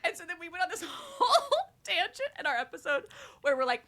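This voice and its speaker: A woman's voice: very high voice, big pitch swings, a little fast, sharp tone. A woman co-hosting a book podcast in casual chat, giggly and enthusiastic. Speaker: podcast co-host.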